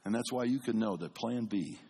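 Male pastor, husky tone, lively sermon storyteller who goes from quiet to loud. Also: a little fast. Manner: animated, swings between booming and hushed.

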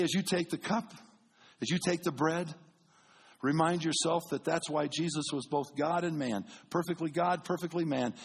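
Husky-voiced man preaching a sermon. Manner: animated, swings between booming and hushed. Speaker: pastor. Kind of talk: sermon storytelling.

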